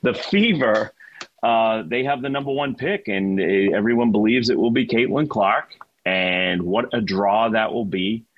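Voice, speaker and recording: A man's voice: on the low side, a little slow, highs cut off. A man with a Boston accent, a sports commentator guest telling stories in an emphatic, chatty way on a radio chat.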